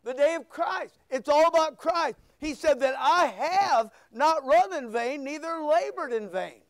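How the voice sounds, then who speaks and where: A male pastor preaching a sermon, firing rhetorical questions and sharp asides at his congregation. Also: very high-pitched, expressive, unhurried, no room sound. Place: church.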